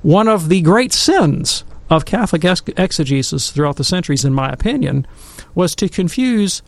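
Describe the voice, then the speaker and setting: A man's voice: sits high, moderate pace, vocal fry, no echo. A middle-aged man, a Catholic commentator, telling a childhood story with acted-out quotes and then discussing scripture in a casual talk. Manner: animated storyteller who acts out quotes.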